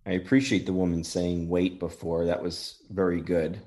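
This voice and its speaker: A man casually demonstrating a recording tool, earnest and gently thankful toward spirits. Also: deep voice, little pitch movement, moderate pace. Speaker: paranormal app demonstrator.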